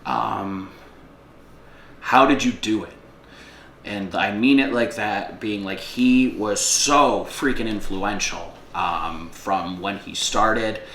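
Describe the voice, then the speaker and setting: A man's voice: on the low side, slow, fairly bright tone, slight background noise. A man chatting casually as a guest musician, laid-back and rambling, with self-deprecating asides. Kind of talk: casual chat. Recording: roomy with faint ambience.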